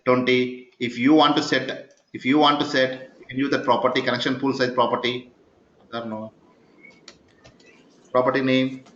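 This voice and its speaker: A man's voice: mid-range voice, level tone, normal speed, fairly bright tone, slight background noise. A man teaching a live coding lecture, constantly checking in with his students by asking yes-or-no questions. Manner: keeps quizzing the class, asking 'yes or no?'. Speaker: programming instructor. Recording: echoey, dull recording of a class session.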